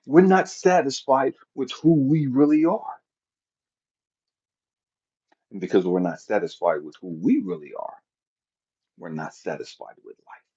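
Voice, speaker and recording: A man giving an impassioned, profanity-laden motivational talk, swinging between loud outbursts and quiet passages with a preacher-like cadence. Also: mid-range voice, moderate pace, slightly rough. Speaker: motivational speaker. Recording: dull lo-fi audio.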